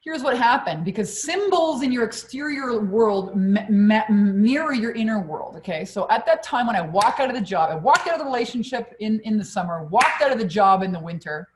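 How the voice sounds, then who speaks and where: Animated, blunt woman coach telling a story. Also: a little high, fairly quick, hardly any pauses, a little hiss or hum. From Quebec, Canada. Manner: animated and blunt, swears freely. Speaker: business coach hosting a live stream. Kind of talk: storytelling on a live stream.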